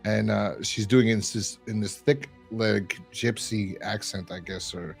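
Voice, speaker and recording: A man's voice: fairly low pitch, steady tone, measured pace, vocal fry, faint music behind. A man hosting a review podcast, chatting casually and rambling with lots of fillers. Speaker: podcast host reviewing a horror episode. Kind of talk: casual chat.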